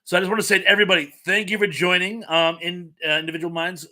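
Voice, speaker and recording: A man's voice: high-pitched, steady tone, fast, pushed and bright. A man hosting a casual live stream chat, reading viewer comments aloud with plenty of ums, his voice a little scratchy from pollen. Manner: chatty, reads chat messages aloud, frequent ums.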